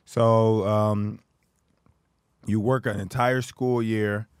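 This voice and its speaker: A man's voice: fairly low pitch, fairly even intonation, extremely slow, clean tone, no echo, studio quality. A man, a comedian, rambling through a list of his old jobs in a casual chat.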